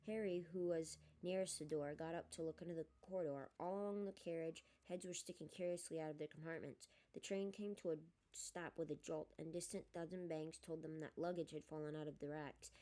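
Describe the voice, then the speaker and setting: A woman reading a novel aloud in steady narration, with occasional small slips and restarts. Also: low-pitched. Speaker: audiobook reader. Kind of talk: storybook narration.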